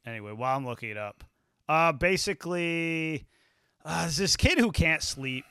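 A man hosting a podcast in casual chat, swearing freely and acting out scenes with quick quoted voices. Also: fairly high pitch, expressive, sharp tone, clean tone, no echo, clean studio sound. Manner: profane, rambling, acts out scenes in quotes. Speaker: podcast host.

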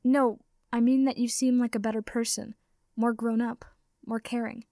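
A woman's voice: on the high side, little pitch movement, moderate pace, warm tone, no room sound, clean studio sound, lightly acted. A woman reading the lines of an earnest, affectionate young wizard man, sincere and pleading.

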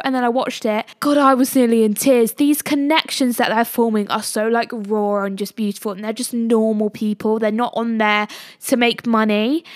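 A young woman hosts her podcast solo from a studio, her voice pitched a little high. She rambles in a gushing, emotional way. The sound is dry and close, with no room echo. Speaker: podcast host. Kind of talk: casual solo podcast chat.

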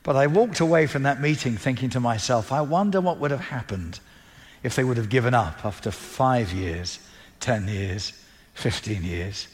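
A man's voice: medium pitch, moderate pace, big-room sound. A man preaching a sermon, telling a story with animation and acting out the dialogue.

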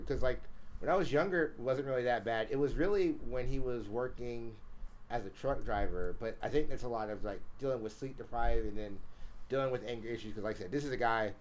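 A man's voice: medium pitch, fast, a little mellow, slight background noise, low-quality recording. A man in his thirties in a casual podcast chat, rambling, repeating phrases and laughing through his stories. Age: 30s.

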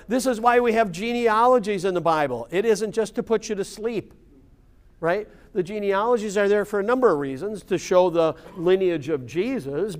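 A man with a somewhat high voice teaches an informal Bible class. He explains scripture in a relaxed, conversational way and keeps checking in with his listeners through "right?" and "yeah.". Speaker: Bible study leader.

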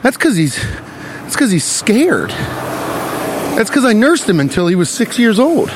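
A man voicing an exasperated, crude-mouthed mother scolding her children in a low, drawling tone. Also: big pitch swings, a little slow, background noise.

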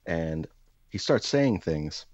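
A man's voice: low voice, lively intonation, slow, darkish tone, no echo, dull audio. A man telling a comic anecdote in a rambling, self-deprecating way, jumping into exaggerated voices for the people he quotes.

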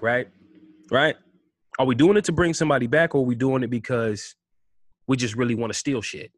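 A man giving an impassioned commentary rant, firing rhetorical questions and swinging between loud outbursts and low mutters. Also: lively intonation, normal speed, breathy edge, no room sound, clean studio sound. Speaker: vlogger.

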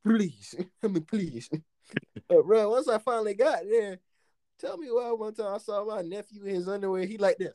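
A man telling a story in casual chat, animated and profane, laughing often and acting out what people said. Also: high voice, normal speed, no echo, clean studio sound.

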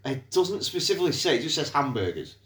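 A man's voice: on the high side, big pitch swings, fast talker, fairly bright tone. A man co-hosting a beer podcast, chatting with dry, wry humour. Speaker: podcast co-host. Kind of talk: casual chat. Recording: roomy echo.

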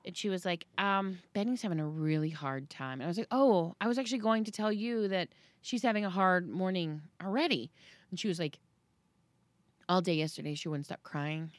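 A woman in her thirties chatting casually as a podcast host, telling a story and acting out quotes with sudden high-pitched jumps. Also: brisk, no echo. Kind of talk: casual chat.

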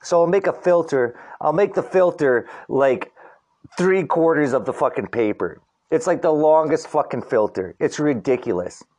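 A middle-aged man rants alone on his podcast in a fairly high, animated voice with a darkish tone at a moderate pace. His casual solo rant rambles, is profane and slangy, and is packed with "dude" and "like."

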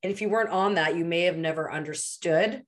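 A woman's voice: on the low side, a little fast. A woman hosting an interview podcast, affirming her guest and reflecting aloud. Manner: warm affirming reactions, reflective. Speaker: podcast host. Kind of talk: casual interview talk.

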